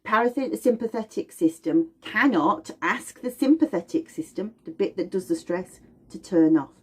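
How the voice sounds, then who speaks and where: A woman's voice: mid-range voice, lively intonation, moderate pace, husky. A middle-aged woman teaching about aromatherapy in an informal, explanatory way, acting out little voices and sounds as she goes.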